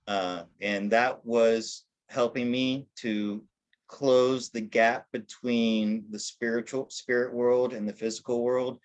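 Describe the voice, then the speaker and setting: A man's voice: medium pitch, fairly even intonation, slow. Rambling man telling his life story. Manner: rambling, with many restarts and self-corrections; self-deprecating, laughing at himself. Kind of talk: casual storytelling in an interview.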